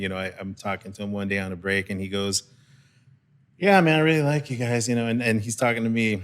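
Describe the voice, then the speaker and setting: A man hosts a relaxed conversation in an intimate venue, retelling a road story. His voice is bright and clear, and he acts out the quotes with lively energy and plenty of laughter. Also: lowish voice. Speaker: host. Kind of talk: casual storytelling chat.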